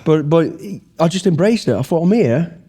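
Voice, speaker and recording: A middle-aged British man, a former special forces soldier appearing as a guest in a casual interview, tells blunt, rambling anecdotes laced with heavy swearing. His voice is on the high side, husky and warm in tone, and he talks a little fast.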